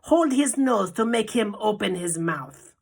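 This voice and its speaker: A woman's voice: medium pitch, expressive, a little slow, creaky, husky, pitched above the performer's own voice, heavily acted. A woman voicing a cruel old female witch leader who screeches commands. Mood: shrieking, commanding.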